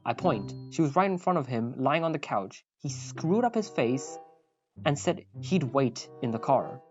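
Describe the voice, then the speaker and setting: Low-voiced woman reading a story. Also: very animated, unhurried. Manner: wry, with apologetic asides. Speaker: story narrator. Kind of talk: reading a reddit story aloud. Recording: slightly muffled, faint background music.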